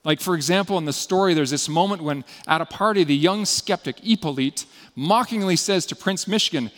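A man preaching a sermon as pastor, earnest and often dropping to a quiet, intimate tone. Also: high-pitched, fairly quick, hardly any pauses. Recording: long hall reverb.

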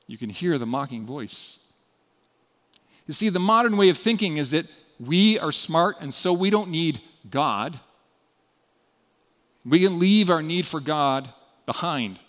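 A man preaching a sermon as pastor, earnest and often dropping to a quiet, intimate tone. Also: fairly high pitch, animated, a little slow, pauses often. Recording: long hall reverb.

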